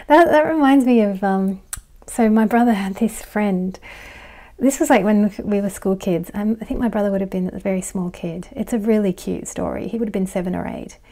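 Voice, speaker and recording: A woman giving a casual pick-a-card tarot reading, chatty and rambling, laughing often and dropping into soft asides. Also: mid-range voice, moderate pace. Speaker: tarot reader and life coach.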